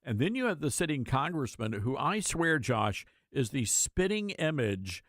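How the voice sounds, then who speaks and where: A man's voice: mid-range voice, sing-song, unhurried, fairly bright tone, dry recording, studio quality. A man hosting a talk radio show, opinionated and conversational with a sarcastic edge.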